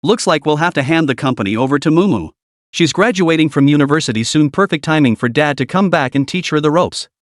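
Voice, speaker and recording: A smug, self-assured young husband, read by a man in a recapped comic story, with a teasing, mocking way of talking. His voice sits fairly high and moves about a lot, recorded close and dry. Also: animated, quick pace, no echo, natural voice.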